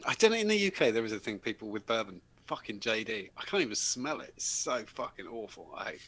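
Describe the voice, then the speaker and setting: A man's voice: lowish voice, quick pace, dry recording. A man from England with a home counties accent who hosts a casual live show, swearing freely and laughing as he tells stories. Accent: English home counties. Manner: sweary, laughs often, animated storyteller. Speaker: host of a live vape show. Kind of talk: casual chat.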